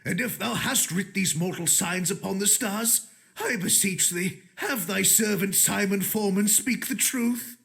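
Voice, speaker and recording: A pious sickly Elizabethan. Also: male voice, sits high, a little slow, creaky, a bit bright, full character voice. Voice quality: solemn, prayerful delivery. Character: pious, sickly Elizabethan man, humble and grave. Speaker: patient. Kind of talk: period game voice acting.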